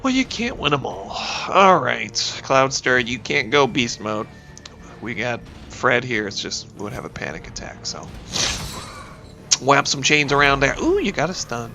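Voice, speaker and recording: A man's voice: medium pitch, sing-song, a little slow, creaky, bright, forceful tone, faint music behind. A man in his thirties with a sniffly cold, chatting casually and rambling as he plays a video game and talks to his characters. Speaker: gaming YouTuber and teacher. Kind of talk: let's play commentary.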